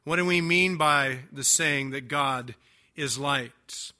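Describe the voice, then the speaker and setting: An older man preaching a sermon, stressing key words slowly and swinging between loud declarations and quiet asides. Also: medium pitch. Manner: emphatic preaching, stretching key words, rising and dropping loudness. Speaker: pastor.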